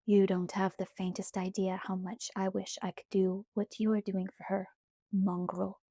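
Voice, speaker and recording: A woman voicing a cold, controlled young male vampire who speaks in a hushed, velvety, menacing way in an audiobook. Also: mid-range voice, little pitch movement, slow, no echo, clean studio sound. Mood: cold menace.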